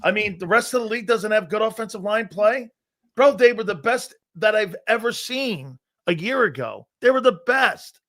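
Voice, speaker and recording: A young man co-hosting a sports talk show, challenging his partner with slangy talk and quick stats. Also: sits high, lively intonation, a bit bright. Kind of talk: casual sports debate.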